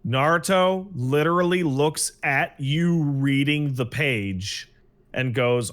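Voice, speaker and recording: A man's voice: on the high side, slow pace, a bit bright. A man giving sardonic, blunt commentary in casual podcast chat. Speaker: podcast co-host.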